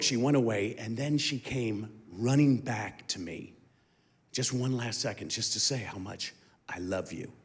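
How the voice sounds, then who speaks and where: A middle-aged man giving a heartfelt testimony that swells into impassioned emphasis. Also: mid-range voice. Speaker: guest speaker giving testimony. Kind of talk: emotional testimony.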